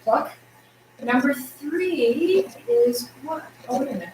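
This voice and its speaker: Upbeat female tai chi teacher, fairly high voice, projecting, heard from across an echoey room. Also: expressive, a little slow, recorded from a distance, slight background noise. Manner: upbeat, encouraging, counts out moves; projecting her voice loudly. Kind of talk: guiding an exercise class. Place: exercise room indoors.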